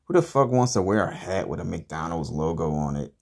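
A man hosting a comedy podcast, telling a crude, profane story in a rambling, deadpan way and grumbling about everything. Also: low-pitched, fairly quick, husky. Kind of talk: improvised comedic monologue.

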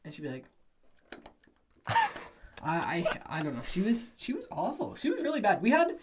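A young man co-hosting a podcast, chatting casually and telling relaxed stories. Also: high-pitched, brisk, heavy background noise. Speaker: podcast co-host. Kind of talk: casual chat.

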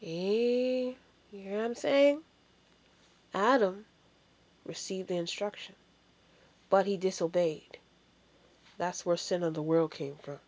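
A woman's voice: medium pitch, darkish tone. A woman giving an informal sermon, emphatic and full of rhetorical questions. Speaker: preacher.

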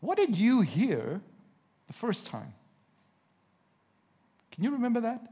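A man preaching a sermon to a congregation in a church, reading scripture slowly and with emphasis, putting questions to his listeners and joking now and then. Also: very high-pitched, huge pitch swings, dark tone, breathy edge.

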